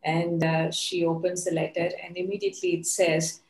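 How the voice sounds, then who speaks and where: A woman's voice: fairly low pitch, level tone, normal speed, darkish tone. A woman life coach telling an earnest motivational story, with many fillers, in an echoey room.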